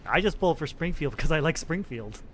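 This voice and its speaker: A man's voice: on the high side, lively intonation, fast. A man streaming a game, chatting casually, joking and reading story text aloud. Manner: chatty, joking, laughs often.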